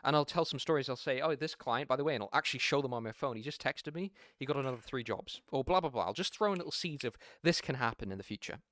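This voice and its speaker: A man's voice: medium pitch, expressive, fast talker, few pauses, a bit bright. A man teaching sales in a casual tutorial, acting out calls with clients and swearing freely. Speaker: sales coach.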